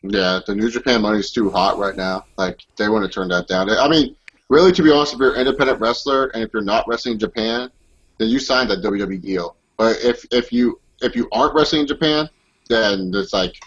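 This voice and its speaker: A man's voice: on the low side, brisk, a bit bright. A man co-hosting a casual wrestling podcast, blunt and opinionated. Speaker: podcast co-host. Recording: slightly dull, lo-fi sound.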